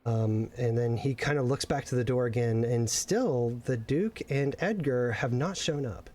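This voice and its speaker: A man's voice: medium pitch, measured pace, a little mellow. A man narrating as game master, rambling with many fillers and restarts.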